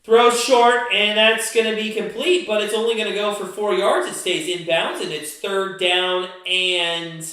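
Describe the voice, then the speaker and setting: High-voiced man calling plays live. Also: flat delivery. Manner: fast play-by-play, bursts into angry shouting and swearing. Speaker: live-stream host calling a football game. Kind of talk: excited play-by-play live reaction. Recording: very echoey room.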